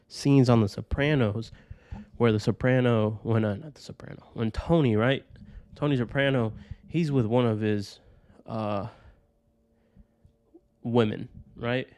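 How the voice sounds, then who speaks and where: A podcast host rambles loosely through a personal story in a casual monologue, swearing often and tagging lines with "right?". His mid-range voice is a little mellow, and the recording is dry.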